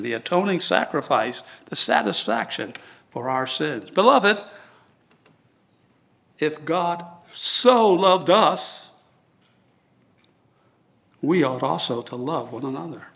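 A man delivers a sermon at an unhurried pace. His voice sits a little high for a man, and he leans deliberately on single words to drive each point home. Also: creaky, a bit bright. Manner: slow, earnest, deliberate emphasis. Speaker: preacher. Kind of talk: sermon with sung verse.

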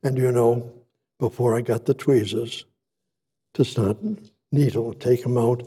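A man preaching a sermon, expounding scripture in a deliberate way, repeating words for emphasis and swelling louder on key points, with frequent restarts. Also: medium pitch, steady tone, breathy edge. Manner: halting, with frequent restarts and asides.

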